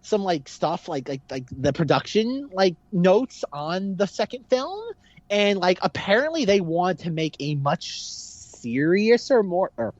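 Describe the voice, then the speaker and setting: A man co-hosting a podcast about movies, rambling casually with lots of "like" and lively quoted impressions. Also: high-pitched, a little slow, no room sound, dull audio. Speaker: podcast co-host. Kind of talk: casual film discussion.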